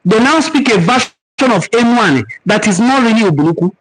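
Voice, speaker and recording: A man's voice: extremely high pitch, expressive, a little fast, a bit bright, poor audio. A man with a Nigerian accent, hosting a cultural forum and answering viewer comments in an earnest, preaching way, repeating words for emphasis. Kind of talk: live-stream teaching and answering viewer comments.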